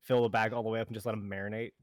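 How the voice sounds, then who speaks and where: A man co-hosting a podcast in casual chat, joking with dark humor and laughing a lot. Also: lowish voice, little pitch movement, very fast, no room sound, studio quality. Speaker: podcast co-host.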